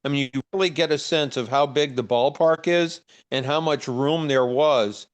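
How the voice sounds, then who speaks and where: A man in the audience asking a curious, somewhat halting question. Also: fairly high pitch. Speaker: audience member. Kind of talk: asking a question on a video call.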